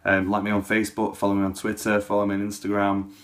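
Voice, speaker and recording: A man's voice: lowish voice, completely flat delivery, fast. A man, a card magician, telling a casual anecdote as patter for a trick. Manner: casual, anecdotal, fond of "I'm like". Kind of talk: chatty storytelling patter.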